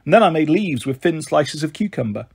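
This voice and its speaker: Husky man reading a children's book. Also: a little high, brisk. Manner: steady, expressive narration. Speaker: storyteller.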